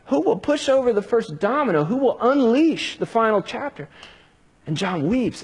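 A man preaching a sermon, building drama with hushed pauses and rising emphasis. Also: extremely high pitch, big pitch swings, husky. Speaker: pastor.

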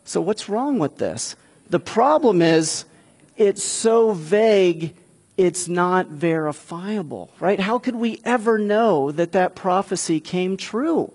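A man's voice: sits high, expressive, slow, a little mellow, slightly rough. A man preaching a sermon in a conversational way, building to emphatic peaks. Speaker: pastor.

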